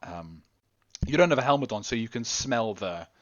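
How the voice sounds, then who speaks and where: Guy gm-ing a tabletop game, rambly, pitch all over, kinda dull lo-fi sound. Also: expressive, normal speed. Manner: rambling, self-correcting, laughs often. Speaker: game master. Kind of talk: narrating a tabletop role-play game.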